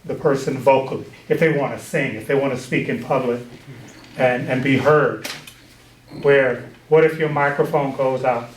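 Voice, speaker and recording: A man's voice: mid-range voice, fairly even intonation, normal speed, a little hiss or hum. A man who teaches voice, earnestly explaining his point during a group discussion in a conference breakout room. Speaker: voice teacher, workshop participant. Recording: echoey meeting room.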